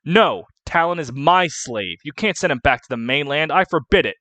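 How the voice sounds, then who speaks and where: Man plays a haughty young princess; petulant, a bit high and loud. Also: expressive, moderate pace, no room sound.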